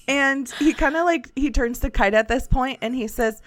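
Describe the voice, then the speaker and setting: A woman narrates as game master in a casual, quick way. Her voice is high. The recording is close and dry, with no room sound. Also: no echo.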